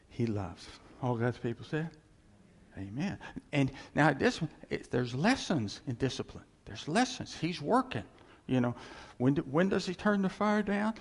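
Guy preaching a sermon, gravelly voice, echoey church hall, chatty asides. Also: on the high side. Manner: animated preaching, conversational asides. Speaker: pastor.

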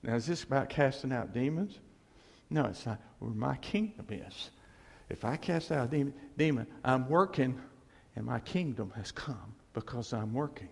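A man's voice: mid-range voice, expressive, normal speed, vocal fry, a little mellow, breathy edge. A man preaching a conversational sermon in a church hall, repeating phrases for emphasis and checking in with the audience with "okay?" and "see?". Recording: long hall reverb.

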